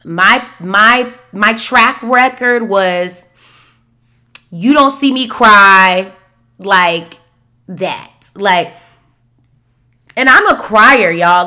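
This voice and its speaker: A woman in her thirties hosting a podcast, talking candidly about feelings, sometimes soft and sometimes animated. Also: medium pitch, extremely slow, long pauses. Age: 30s. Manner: candid, expressive, shifts between soft and animated. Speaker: podcast host. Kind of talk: reflective solo podcast talk.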